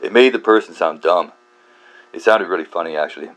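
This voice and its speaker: Casting: man with a very deep voice, rambling casual monologue, stumbling through fillers and restarts, self-mocking, mains hum underneath. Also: a bit bright. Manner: halting, many fillers and restarts, frequent swearing; self-deprecating, laughs at himself. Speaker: book channel host.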